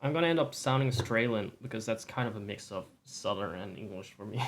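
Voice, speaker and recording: A male streamer in quiet, casual chat, rambling and softly mocking himself with light laughs. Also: on the low side, a little fast, slight background noise.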